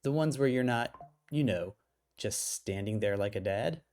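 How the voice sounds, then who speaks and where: A man voicing an eager, pushy twelve-year-old girl with a high, beaming delivery in a comic story reading. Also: expressive, moderate pace, a little mellow. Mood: proud.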